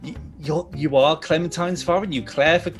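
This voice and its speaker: A man's voice: fairly high pitch, steady tone, a little fast, soft background music. Rambling man chatting. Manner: rambling, emotional, laughs often. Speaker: panelist. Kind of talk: casual chat.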